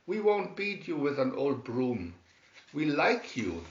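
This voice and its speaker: A man voicing an earnest young farm boy in a read-aloud storybook, with eager, excited calls. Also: fairly high pitch, slow pace, exaggerated voice. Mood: coaxing. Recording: roomy, dull lo-fi sound.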